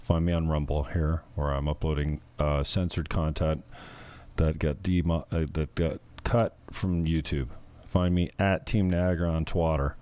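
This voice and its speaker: A man's voice: rumbling low, steady tone, measured pace, mellow, no echo. A man hosting his own show, giving rambling, profane, joking commentary on viral videos. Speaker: show host.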